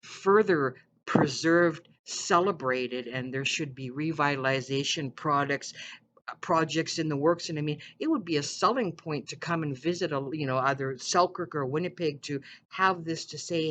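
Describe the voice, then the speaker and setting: A podcast host from Manitoba, speaking earnestly in casual commentary, with frequent pauses and "uh"s. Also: medium pitch, fairly bright tone, slight background noise. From Manitoba, Canada. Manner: earnest, halting, with frequent "uh" and "again".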